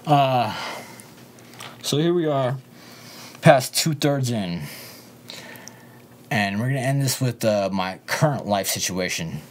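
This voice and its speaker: A young man telling a rambling, profane story, swinging between loud asides and low muttering. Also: animated, takes it slowly, pauses often. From Southern California. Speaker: interview guest.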